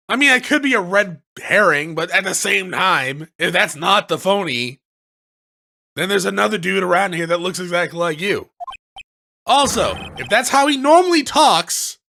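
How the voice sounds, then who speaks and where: A man's voice: high voice, sing-song, normal speed, vocal fry, bright, forceful tone. A man hosting a let's play, giving casual, joking commentary with some swearing. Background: game music.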